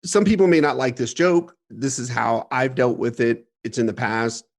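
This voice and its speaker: A man from Ohio, USA, with a mid-range voice and normal speed, appears as a podcast guest in a candid storytelling interview. He tells a painful childhood story earnestly and emphatically, laughing his way through the hard memories.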